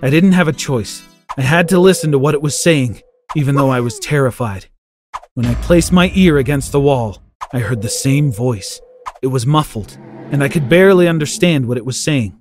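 A man narrating a first-person story in a lively, dramatic way. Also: medium pitch, normal speed. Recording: soft music underneath.

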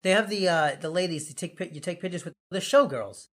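A man with a New York accent hosting a podcast, chatting casually and teasing his co-host. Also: high voice. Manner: joking, teasing, quick to laugh. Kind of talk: casual chat.

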